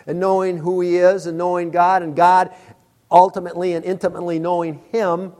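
A middle-aged male pastor preaching a sermon, telling stories with acted-out exclamations. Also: fairly high pitch. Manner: storytelling, animated with acted-out exclamations.

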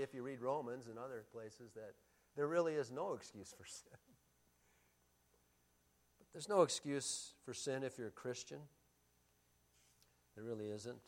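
A middle-aged man preaching in a fairly high voice, telling stories from the pulpit. He pushes key lines out loudly, then drops into quiet, confiding asides. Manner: storytelling, swings between loud emphasis and quiet asides. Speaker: pastor. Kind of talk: sermon.

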